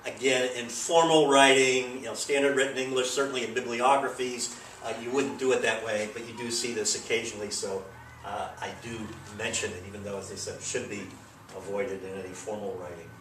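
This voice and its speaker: A man's voice: medium pitch, fairly even intonation, a little fast, noisy background. A man giving a recorded grammar lesson, explaining in a loose, rambling way with many fillers. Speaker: teacher. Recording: echoey room, mic at a distance.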